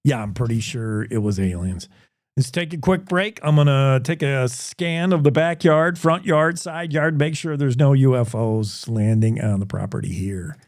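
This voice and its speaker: A man's voice: on the high side, steady tone, moderate pace, hardly any pauses, darkish tone, no echo, clean studio sound. A man hosting a radio show, casually retelling a news story in a joking, rambling way with self-corrections. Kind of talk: casual chat.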